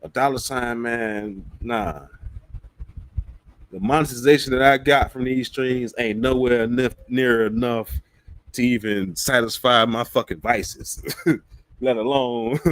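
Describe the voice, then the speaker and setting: A man's voice: mid-range voice, steady tone, takes it slowly, no echo. Blunt, profane man ranting on stream. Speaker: livestreamer. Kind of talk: ranting livestream commentary.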